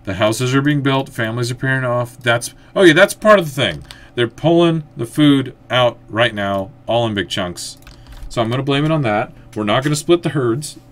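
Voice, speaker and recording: A man giving casual let's-play commentary, thinking aloud as he plays and breaking into excited outbursts. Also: medium pitch, normal speed. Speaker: gameplay commentator.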